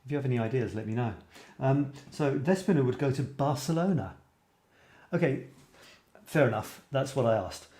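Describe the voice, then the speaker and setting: A man's voice: mid-range voice, darkish tone. A man hosting a casual photography live stream, reading out viewer comments and musing aloud with fillers and restarts. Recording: roomy echo.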